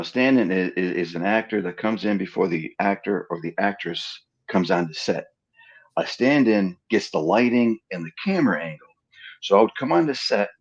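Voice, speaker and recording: Over a lo-fi remote live-stream call, a middle-aged man with a low, breathy-edged voice guests on an interview. A film stand-in and double, he tells casual anecdotes animatedly, acting out other people's dialogue.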